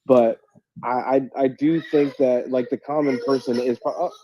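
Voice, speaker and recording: A man in casual podcast chat, animated and rambling, with frequent restarts and laughter. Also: mid-range voice, normal speed, dry recording, rough recording. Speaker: co-host.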